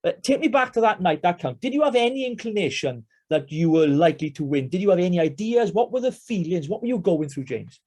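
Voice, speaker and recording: A man from Wales hosting a casual political interview, chatty and animated as he asks questions. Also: sits high, brisk, hardly any pauses. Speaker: podcast host.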